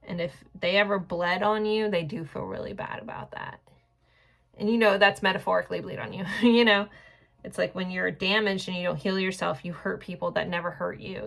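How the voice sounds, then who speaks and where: A woman in her forties talks through a tarot reading in a loose, rambling way, full of "like" and "um". Her voice sits fairly low and has a gravelly, fried edge. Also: fairly bright tone. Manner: rambling and chatty, with filler words and light laughs. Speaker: tarot reader. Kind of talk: casual pick-a-card tarot reading.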